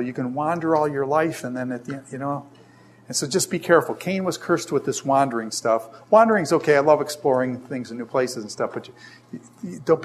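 An older man leads a relaxed Bible class, his voice a touch higher than most men's. He tells stories with lots of energy and keeps turning to the class with questions. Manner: animated storyteller, asks the class questions. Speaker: Bible teacher. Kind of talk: casual classroom Bible lesson.

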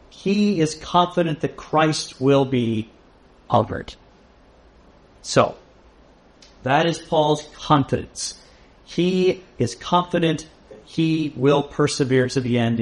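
Slow, deliberate preacher, higher-pitched man. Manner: measured, deliberate teaching with emphatic pauses. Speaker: pastor. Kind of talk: expository sermon.

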